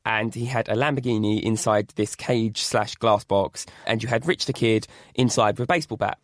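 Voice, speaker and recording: A man co-hosting a casual podcast chat, animated and quick to laugh. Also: no echo, clean studio sound. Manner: animated, laughs often, lively pitch. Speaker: co-host.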